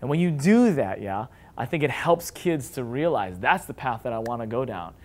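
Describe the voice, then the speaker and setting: A man in his thirties, a father and parenting vlogger, talking casually to camera and now and then mimicking his whiny kids in a high voice. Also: big pitch swings, moderate pace. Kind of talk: casual advice talk to camera.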